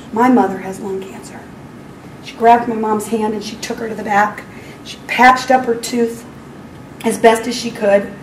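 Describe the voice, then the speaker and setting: A woman in her forties telling parents a personal faith story in an earnest, storytelling way. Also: on the high side. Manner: earnest storytelling, acts out her own prayers with rising emotion. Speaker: speaker at a school parenting talk. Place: school hall. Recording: echoey hall from far off, faint ambient noise.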